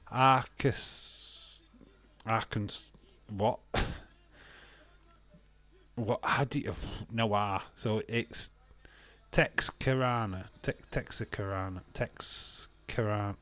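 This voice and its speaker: A man's voice: lowish voice, fairly bright tone. A British man hosting a wrestling watch-along stream, reading chat aloud, laughing often and arguing playfully, with some swearing. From Britain. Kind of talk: casual live-stream chat.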